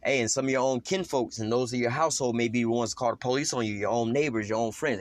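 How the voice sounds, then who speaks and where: A lay preacher delivers an informal scripture lesson at a quick, loose clip, dropping "man" and "you know" almost constantly. His pitch is ordinary and mid-range. The recording is dry and close, with no echo and hardly any room sound.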